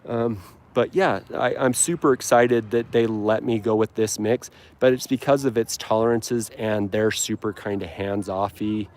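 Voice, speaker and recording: A man's voice: lowish voice, steady tone, normal speed, a little mellow. A man hosting a casual lawn care live stream, rambling and upbeat with frequent ums and restarts, outdoors on his lawn. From Utah. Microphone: handheld phone camera.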